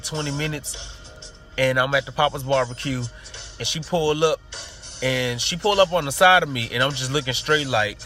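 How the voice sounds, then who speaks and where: A man casually telling a comic personal story, animated and acting out the people in it. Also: medium pitch.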